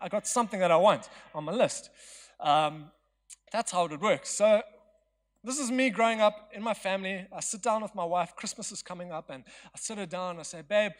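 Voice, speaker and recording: A young man preaching a storytelling sermon in a chatty, joking, self-mocking way in a church hall. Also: high-pitched. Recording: long hall reverb.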